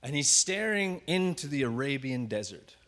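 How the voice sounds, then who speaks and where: A male pastor delivers a sermon like he's telling stories in conversation, slowing down to linger on key words and tossing in self-deprecating asides. His medium-pitched voice is very animated and a bit bright.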